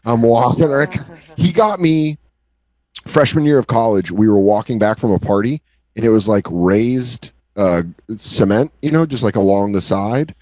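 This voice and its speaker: A man in his late thirties, a podcast co-host, telling crude comic stories in casual chat and acting out quotes in high yelps. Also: moderate pace, no echo. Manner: animated, swears freely, acts out quotes in high yelps. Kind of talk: casual comedic storytelling.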